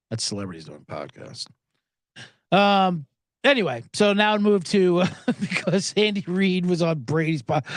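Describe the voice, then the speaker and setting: Animated, sarcastic podcast host man. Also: fairly high pitch, no echo, clean studio sound. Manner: animated, sarcastic, swears a lot. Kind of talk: profane sports betting rant.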